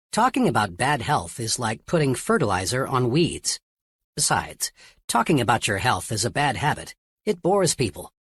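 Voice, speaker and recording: A man reading a self-help audiobook in a steady, earnest narration. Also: mid-range voice, slightly rough, no echo.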